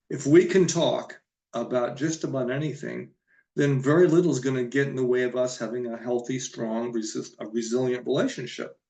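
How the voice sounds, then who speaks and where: A man's voice: mid-range voice, a little mellow, roomy sound. A man giving an earnest, emphatic solo talk to camera about relationships, stressing and repeating his main points like a counselor.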